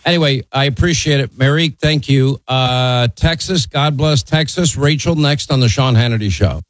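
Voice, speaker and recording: A man's voice: mid-range voice, normal speed, rough recording. A man hosting a call-in talk radio show, talking bluntly and conversationally and teasing his callers.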